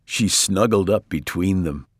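Male storyteller reading aloud, slow and lilting, dry close sound. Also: sits low, no echo. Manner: slow, expressive read-aloud.

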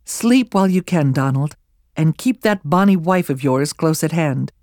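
A reader plays an anxious Scottish noblewoman, a mother pressing her grown son with earnest worry. The voice sits at an ordinary pitch in a dry, close recording. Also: expressive, normal speed, darkish tone, no room sound, close to an everyday voice.

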